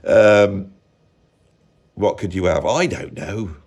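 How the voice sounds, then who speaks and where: A deep, darkish voice with a breathy edge belongs to an English music commentator speaking slowly. His casual monologue wanders, is full of opinions, and he regularly cuts himself off mid-thought.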